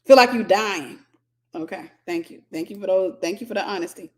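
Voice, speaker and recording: An American woman hosting a candid Christian teaching talk, telling a humorous personal story in an animated, confessional way. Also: mid-range voice, fairly quick. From United States.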